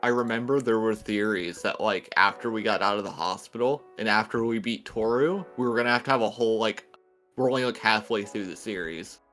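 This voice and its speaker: A man chatting casually as a guest, rambling in a relaxed way with lots of filler words. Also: fairly low pitch, a little fast, faint music behind. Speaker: guest co-host. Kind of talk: casual chat.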